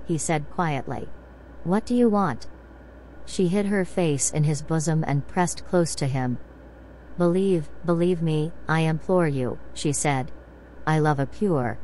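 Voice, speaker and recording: Low-voiced woman reading a bedtime story. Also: rough recording. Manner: slow, even, soothing delivery. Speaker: narrator. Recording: white noise behind.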